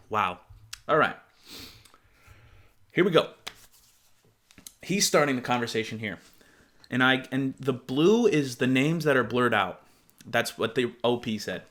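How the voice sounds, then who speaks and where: A man's voice: mid-range voice, lively intonation, a little slow, pauses often, fairly bright tone. A young man giving casual reaction commentary, blunt, profane and openly incredulous. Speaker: online commentator.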